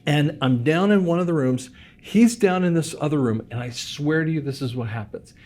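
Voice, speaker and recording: A man's voice: on the high side, moderate pace, a little mellow. A man in his fifties, a hearing care doctor, talking casually to the camera in a chatty storytelling way. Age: 50s. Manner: chatty storyteller, repeats words as he restarts; acts out quoted voices in his stories.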